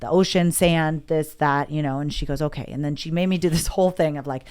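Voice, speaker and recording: Her voice is low-pitched and clean, and she talks fairly quickly as a podcast guest recounting something personal. She's open and emotional, quoting other people in lively voices throughout this casual interview.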